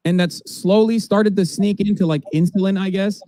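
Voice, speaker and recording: A man's voice: high voice, fairly even intonation, moderate pace, dark tone, no room sound. A man co-hosting a livestream, commenting on a video in a sarcastic, ranting way. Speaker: co-host.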